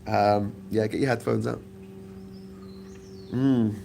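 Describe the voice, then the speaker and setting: A British man holds forth in a casual opinion rant, his voice carrying a gravelly rasp. He is blunt and profane, and drops sarcastic asides as he goes. He records outdoors on a sunny island, with a faint hum of ambient noise behind him. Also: fairly low pitch, steady tone, slow pace, mellow. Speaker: vlogger.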